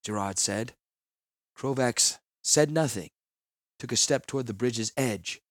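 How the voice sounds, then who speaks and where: A man narrating a fantasy audiobook in a solemn, measured manner. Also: medium pitch, dry recording.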